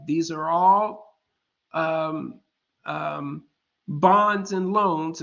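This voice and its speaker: Man, fifties, lecturer, slow drawn-out delivery, slightly high voice, muffled lo-fi computer-mic sound. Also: a bit bright. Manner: slow, deliberate explaining, keeps checking in with "all right?"; informal and joking asides. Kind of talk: online lecture.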